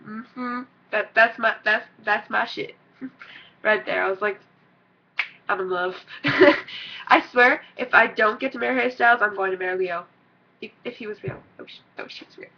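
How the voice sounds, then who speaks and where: A teenage girl vlogging casually, an excitable, rambling fan who gushes and squeals. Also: mid-range voice, normal speed, gravelly. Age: teens. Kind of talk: gushing casual vlog. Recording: dull lo-fi recording.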